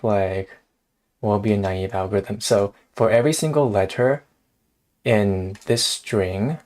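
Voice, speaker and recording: A man with a lowish, slightly mellow voice hosts a casual live coding stream. He thinks out loud hesitantly and laughs frequently.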